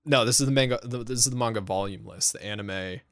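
A man's voice: lowish voice, fast talker, a bit bright, no room sound, clean studio sound. A young man co-hosting a casual podcast, laughing often and teasing his co-host.

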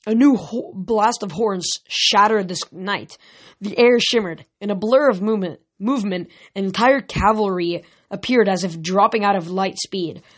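A woman's voice: mid-range voice, normal speed. Woman narrator, amateur audiobook read, occasional stumbles and restarts. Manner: reading with slips and restarts. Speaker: reader. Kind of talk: audiobook reading of a novel.

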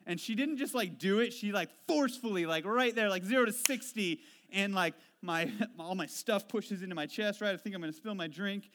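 A man with a slightly high voice preaches a sermon to his congregation. He tells stories about himself with a self-deprecating, conversational touch. He drops low and soft for his reflective points and gets animated when he retells his frustrations. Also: a little fast, few pauses, noisy background. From Washington State. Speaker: pastor.

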